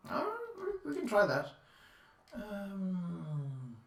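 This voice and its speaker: A man's voice: sits high, huge pitch swings, slow pace, gravelly, echoey room, distant mic. A man streaming live, casually reading out descriptions and musing aloud with lots of fillers.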